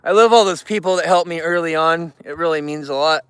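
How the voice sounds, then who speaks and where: A man's voice: a little high, fairly quick, smooth, no echo. A man livestreaming from among bears, chatting with his viewers in an emotional way and greeting them and the animals by name. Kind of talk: casual livestream chat to viewers.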